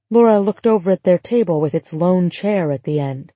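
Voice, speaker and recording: A woman narrating a story in a calm, measured way. Her voice is warm and mellow with a slight husk. The sound is dry and close to the mic. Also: on the low side, dry recording. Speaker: audiobook narrator. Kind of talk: scripted narration.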